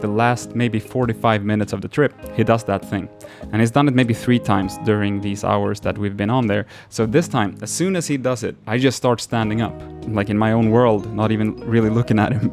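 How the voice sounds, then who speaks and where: A low-voiced man tells a story to his camera in a loose, rambling way. He restarts his sentences often and swears offhandedly. Guitar music plays clearly in the background. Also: fairly quick, hardly any pauses. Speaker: vlogger telling a story. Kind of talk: casual story time. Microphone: camera mic.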